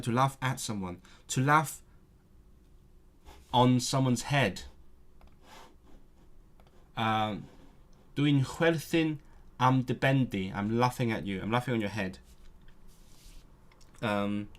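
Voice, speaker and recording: A man live-streaming his language study, thinking aloud and sounding out words, correcting himself as he goes. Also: medium pitch. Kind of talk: casual live stream talk.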